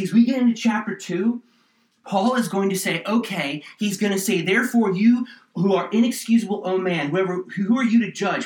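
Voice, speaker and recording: Preacher, male, fervent sermon delivery shifting loud to hushed; mic set back in an echoey room. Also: high-pitched. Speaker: pastor. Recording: roomy echo, distant mic.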